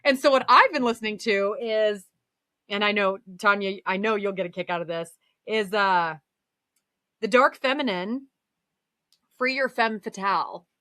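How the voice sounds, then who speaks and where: A woman co-hosting a podcast in casual chat, laughing often and making playful, quick asides with some swearing. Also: medium pitch, sharp tone, dry recording. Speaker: podcast co-host.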